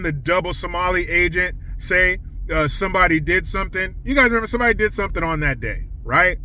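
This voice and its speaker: A man's voice: fairly high pitch, pushed and bright, rough recording. A man delivering crude, sarcastic ranting commentary while driving in his car. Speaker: commentary vlogger.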